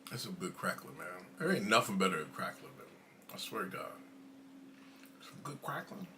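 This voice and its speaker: Animated, laughing streamer man. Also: fairly low pitch, moderate pace, a little hiss or hum. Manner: loose rambling storytelling, frequent laughs and profanity. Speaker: streamer host. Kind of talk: casual livestream chat.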